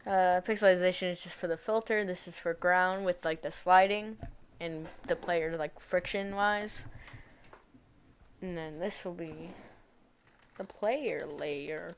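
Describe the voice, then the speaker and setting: A woman's voice: fairly low pitch, fairly even intonation, a little slow, a little hiss or hum. A woman game developer on a live stream, chatting casually as she codes, muttering questions at her code and teasing herself. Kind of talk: casual live-stream chat while coding.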